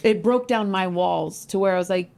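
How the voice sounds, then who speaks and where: A woman's voice: mid-range voice, normal speed, creaky, darkish tone. A woman in her thirties co-hosting a faith-based marriage talk, chatting candidly and laughing easily. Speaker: podcast co-host.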